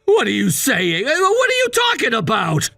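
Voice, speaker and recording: A man voicing a controlling, scornful husband in a text-message story, dismissive and given to shouting. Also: sits high, very animated, measured pace, gravelly, no echo, clean studio sound, faint music behind, heavily acted. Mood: angry, scornful. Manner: bossy and dismissive, shouting at times.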